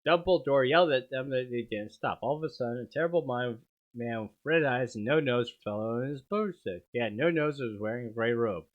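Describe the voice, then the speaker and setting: Guy reading trashy fanfic out loud for laughs, sardonic, mid pitch, muffled lo-fi stream audio. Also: a little fast. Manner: sardonic asides, laughing at the text. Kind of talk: comedic dramatic reading.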